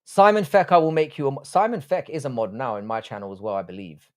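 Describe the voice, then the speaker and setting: A man's voice: medium pitch, quick pace, darkish tone. A man hosting a live stream, casually reading out chat and trading profane mock insults with viewers. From England.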